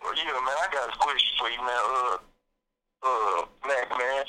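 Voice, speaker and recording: Caller guy from florida, drawly, says man every other word, real sharp thin voice. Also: mid-range voice, normal speed, rough recording. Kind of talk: call-in question.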